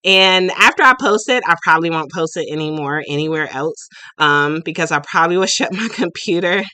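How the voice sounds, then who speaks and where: A woman's voice: on the low side, brisk, sharp tone, no room sound. A woman in her late thirties hosting a casual live stream, chatty and goofy, laughing often as she talks to viewers. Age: late 30s. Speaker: livestream host and shop owner.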